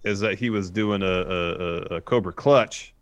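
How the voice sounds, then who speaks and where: A man's voice: low-pitched, normal speed, smooth, no echo. A man co-hosting a podcast, recapping events in a dry, matter-of-fact way. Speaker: podcast co-host. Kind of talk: casual chat recapping wrestling.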